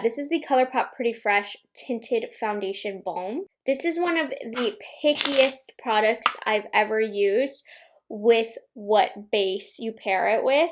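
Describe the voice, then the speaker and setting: A young pregnant woman talks through a makeup review at home, candid and opinionated, slightly out of breath. Her voice sits a little high for a woman. She keeps a loose, chatty vlog tone. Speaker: beauty vlogger. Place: home room at a makeup table.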